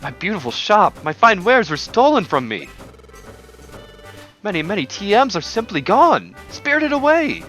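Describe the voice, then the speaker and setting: A man's voice: very animated, normal speed, fairly bright tone, soft background music. A man voicing a dramatic male lizard shopkeeper in a game playthrough, wailing in a theatrical, raised voice. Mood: outraged. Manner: theatrical, high-pitched lament.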